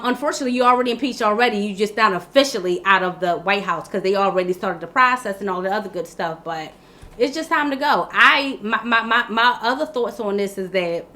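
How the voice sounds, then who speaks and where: Woman host, fairly high bright voice, blunt off-the-cuff commentary, stumbles and repeats herself. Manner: blunt, exasperated, many restarts and repeated words. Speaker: vlog host. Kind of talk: casual political commentary.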